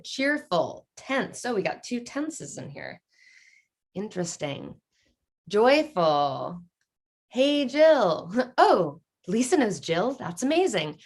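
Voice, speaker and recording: Slow, playful woman leading an online workshop. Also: fairly high pitch, slightly rough. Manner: playful and upbeat, reads chat answers aloud with laughs. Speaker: workshop leader. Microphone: video call.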